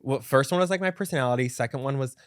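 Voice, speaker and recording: A young man hosting a podcast in casual chat, talking loosely with lots of "like" and quick laughs. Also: mid-range voice, smooth, no echo, clean studio sound. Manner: chatty, laughs often, fillers of "like". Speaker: podcast host.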